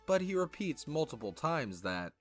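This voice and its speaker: A man narrating a scripted video essay with a wry, lively delivery. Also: fairly high pitch, moderate pace, faint music behind.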